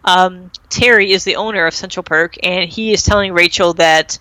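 Chatty bright-voiced young woman recapping. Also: fairly low pitch, moderate pace, no room sound, rough recording. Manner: chatty retelling with many fillers and acted-out quotes. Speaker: podcast host recapping a TV episode. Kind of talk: casual chat.

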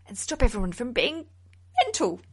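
Woman podcast host, casual and animated, fairly high voice, laughs at herself often. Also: normal speed, husky. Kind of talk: casual chat.

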